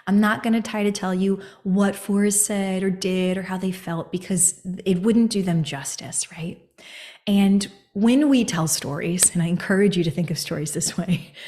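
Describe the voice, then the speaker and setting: A woman from the United States hosting a podcast, telling a personal story in an expressive coaching manner, sometimes whispering or singing a phrase for emphasis. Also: fairly low pitch. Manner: expressive, animated, often drops into a whisper or a sung phrase for emphasis. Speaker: podcast host.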